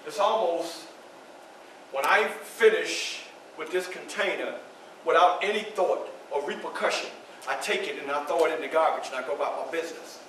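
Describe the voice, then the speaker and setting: A grave, earnest formerly enslaved man, played by a male reenactor tells his story in a theatrical first-person monologue. He leans on emphatic repetition, and his voice is high and bright. It was recorded by a distant camera in a very echoey room with a faint background hum. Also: moderate pace, natural voice. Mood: solemn. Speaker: historical reenactor. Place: library event room.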